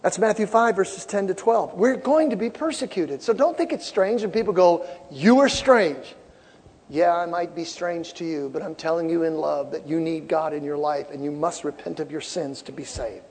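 Middle-aged male pastor, husky high voice, impassioned sermon, long hall echo. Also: normal speed, few pauses. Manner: animated preaching, shouting peaks, repeated phrases. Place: large church sanctuary.

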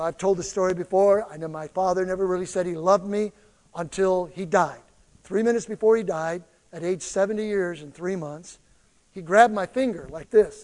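A man's voice: high voice, in a large hall. A male pastor preaching a sermon, telling personal stories and acting out the voices of people in them. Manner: animated storytelling preacher, acting out quoted voices.

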